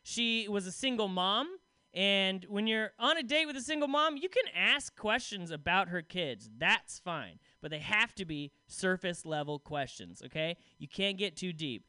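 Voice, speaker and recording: Brief: a young guy doing stand-up, high and bouncy, rambling and self-mocking, with a crisp, dry close sound. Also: big pitch swings, moderate pace, pushed and bright, no echo. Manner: rambling, self-deprecating, many "like" fillers. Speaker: stand-up comedian. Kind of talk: stand-up comedy set.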